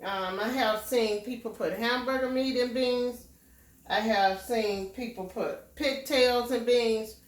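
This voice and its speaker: A woman with a slightly high voice talks very slowly and patiently as she cooks at home, pausing to check in with a homey "okay?" between steps. The sound echoes around the kitchen, and she stands a little way back from the mic. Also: fairly even intonation, distant mic. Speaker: home cook. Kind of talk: casual cooking demonstration.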